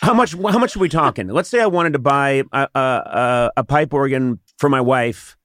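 A man's voice: mid-range voice, normal speed, fairly bright tone, dry recording, clean studio sound. A man hosting a comedic interview, joking playfully as he asks questions. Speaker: talk show host.

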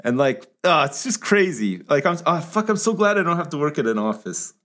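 A man's voice: a little high, very animated, a little fast, fairly bright tone. Rambling, profane male storyteller. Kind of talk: casual banter.

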